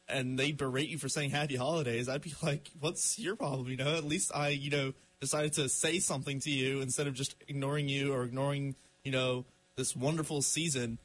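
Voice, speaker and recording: A man's voice: mid-range voice, normal speed, a bit bright, low-quality recording. A man co-hosting a casual radio chat, giving his opinions with lots of "you know" and "I mean".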